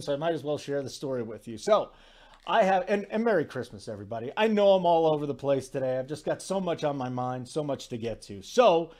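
A man in his forties hosting a sports talk show, telling stories in a rambling, animated way with lots of asides. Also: fairly high pitch. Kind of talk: casual sports talk monologue.

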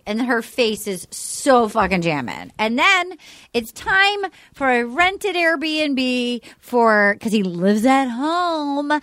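A woman's voice: sits high, a bit bright, no echo. A woman hosting a podcast, chatting casually and swearing, acting out quotes in exaggerated voices. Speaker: podcast host. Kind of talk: casual chat recapping a reality show.

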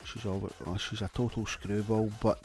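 A Scottish man presenting a radio show with a fairly low voice, reading out listener messages. His delivery is deadpan and mocking and full of swearing, with faint music playing behind him. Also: normal speed. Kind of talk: comic radio DJ patter.

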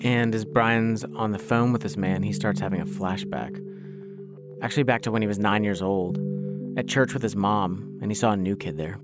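A man from the United States giving calm, reflective devotional narration. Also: on the low side, normal speed. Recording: voice-over over clear guitar music.

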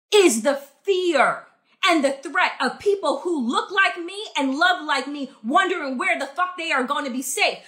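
A woman's voice: very high voice, pushed and bright. A young adult woman from the United States delivering an angry, profane, sarcastic political rant with heavy emphasis. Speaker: political commentator.

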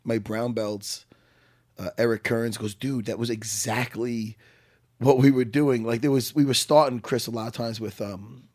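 A man's voice: medium pitch, steady tone, moderate pace, darkish tone. A man, a fight coach co-hosting a casual sports chat, rambling and leaning on "you know". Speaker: fight coach and podcast co-host.

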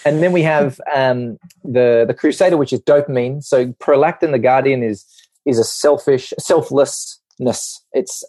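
Dark-voiced man explaining on a podcast. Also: mid-range voice, unhurried, no room sound. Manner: animated, acts out little voices in his examples. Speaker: podcast guest, doctor.

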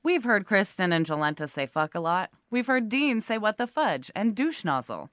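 A woman's voice: medium pitch, big pitch swings, moderate pace, no echo, clean studio sound. A woman co-hosting a casual podcast chat, blunt and joking as she reads listener questions. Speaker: podcast co-host.

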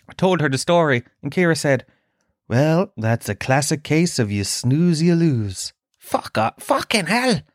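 A man hosting a podcast, telling a comic story in a profane, ranting, animated way. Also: medium pitch, no room sound, studio quality. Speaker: podcast host.

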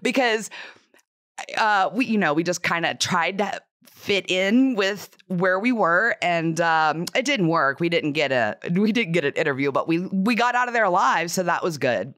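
A woman investigator telling a story on a podcast in an animated, lively way. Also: on the low side, moderate pace, dry recording, studio quality. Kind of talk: casual storytelling.

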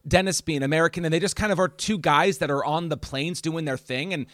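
A young man, a podcast guest, chatting casually about film, animated and swearing freely. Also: on the high side, fairly quick, dry recording, clean studio sound.

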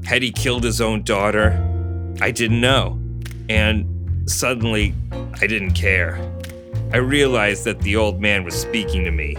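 A man's voice: on the low side, a little slow, over music. A man co-hosting a book podcast. He chats casually and laughs often, and he reads a first-person crime novel aloud. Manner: laughs often, says "like" often in chat, steady when reading.

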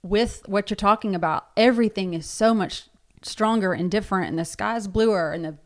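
A woman's voice: medium pitch, normal speed. A woman in her thirties, a podcast co-host, talking in a chatty storytelling way with many fillers. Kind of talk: casual chat.

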